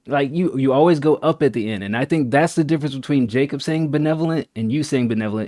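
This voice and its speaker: A man's voice: mid-range voice, quick pace, hardly any pauses, a little mellow, no room sound. Male panelist, dry close mic, talks through delivery details. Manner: explanatory, demonstrates pronunciation. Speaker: music critique panelist. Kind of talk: casual review chat.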